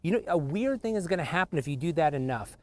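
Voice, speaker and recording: A middle-aged man hosting an energetic motivational talk outdoors on a golf course, speaking punchily and directly to the viewer. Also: a little high, quick pace. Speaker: host. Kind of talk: motivational monologue.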